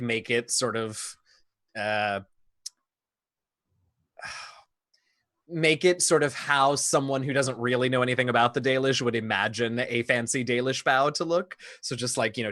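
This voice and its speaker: A man's voice: medium pitch, a bit bright, dry recording, clean studio sound. A man playing a tabletop role-playing game. He describes his character's actions, laughs often and hesitates with fillers. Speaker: player. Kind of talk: tabletop role-play chat.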